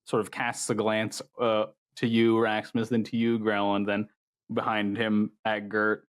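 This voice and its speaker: A man running a tabletop game as game master, describing the scene in a loose, halting way. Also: lowish voice, completely flat delivery, smooth.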